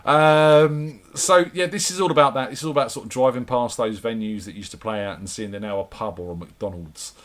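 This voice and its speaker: A man's voice: medium pitch, a little fast, hardly any pauses, a bit bright. A middle-aged man, chatting casually as a musician guest on a radio show, rambling and repeating his words. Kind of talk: casual radio interview chat.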